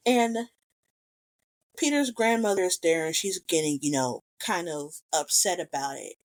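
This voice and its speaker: A woman's voice: lowish voice, unhurried. Woman animatedly retelling a film plot. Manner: animated retelling, acting out quotes. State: recovering from strep throat. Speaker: podcast co-host. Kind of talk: casual film discussion.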